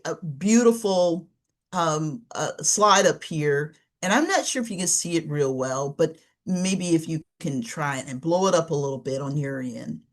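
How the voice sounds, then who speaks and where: A woman giving a live webinar training, talking in a conversational teaching manner and often checking in with "right?" asides. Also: lowish voice. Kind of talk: live online training presentation.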